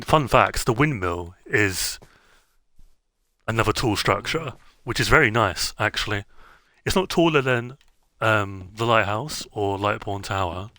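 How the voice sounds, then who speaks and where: Male streamer, lowish voice, rambling casual chat, dry close sound. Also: pushed and bright, dry recording. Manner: rambling, self-interrupting, many fillers.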